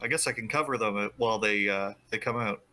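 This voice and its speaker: A man's voice: fairly low pitch, fast, bright, forceful tone. A man playing in a tabletop game, talking through his plans with hesitant restarts. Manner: hesitant, thinks aloud. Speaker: player.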